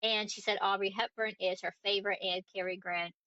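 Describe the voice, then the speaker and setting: A woman's voice: medium pitch, fairly even intonation, a little fast, pushed and bright, no room sound, lo-fi sound. A woman from Connecticut co-hosting a podcast, chatting casually with lots of ums and giggles. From Northeast Connecticut. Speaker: podcast co-host. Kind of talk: casual chat.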